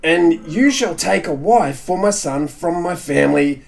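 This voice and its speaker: A man's voice: fairly high pitch, animated, vocal fry, pitched above the performer's own voice. A man doing a whingey, whiny servant. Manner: whiny, slow, drawn-out. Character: whingey male servant reciting his errand.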